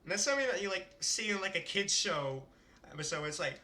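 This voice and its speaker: A man's voice: sits high, expressive, fairly quick, bright, forceful tone. A male streamer reading a visual novel aloud and chatting about it in a rambling way, often laughing.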